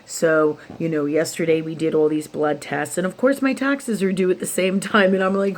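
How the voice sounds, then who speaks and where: A woman's voice: medium pitch, moderate pace, hardly any pauses, a little mellow. A woman hosting a late-night spiritual vlog, talking casually and rambling with laughs and restarts. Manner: rambling, with laughs and self-talk quotes. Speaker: spiritual YouTube host.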